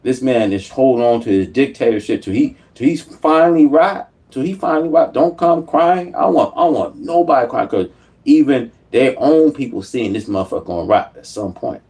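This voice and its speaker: A man's voice: mid-range voice, animated, moderate pace, creaky, a little mellow. A man giving an angry, profanity-filled political rant as a YouTube commentator, repeating himself as he goes. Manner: profane, heated, repetitive.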